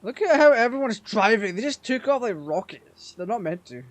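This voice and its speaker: A man casually commenting on his racing game, sweary and quick to rage at the game. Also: high-pitched, sing-song, a bit bright, dry recording. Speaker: gaming channel host.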